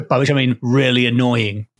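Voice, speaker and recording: A man co-hosting a casual podcast, reacting with wry jokes and quick interjections. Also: mid-range voice, steady tone. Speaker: podcast co-host listening. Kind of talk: casual banter.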